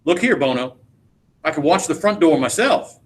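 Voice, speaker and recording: A man's voice: fairly high pitch, animated, moderate pace, lightly acted. A teacher reading aloud as a boastful, teasing middle-aged man who drawls through his stories. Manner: swaggering, teasing, drawling speech. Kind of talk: dramatic read-aloud of a play.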